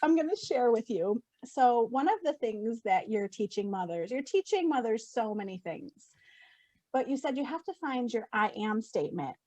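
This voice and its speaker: A woman's voice: fairly high pitch, expressive, normal speed, dark tone, no room sound. A woman hosting a podcast, encouraging and emotional, reacting with short interjections. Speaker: podcast host. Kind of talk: casual interview chat.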